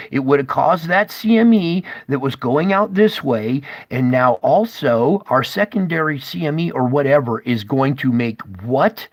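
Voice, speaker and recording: Male streamer, unhurried delivery, urgent and emphatic, constantly checking that viewers follow, bursts of loudness dropping to hushed asides. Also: on the high side. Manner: urgent, pointing things out, frequent "okay?" and "all right?" checks to viewers; alarmed and emphatic, swinging between loud bursts and hushed asides. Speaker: online streamer explaining space-weather charts. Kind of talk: live stream commentary over screen charts.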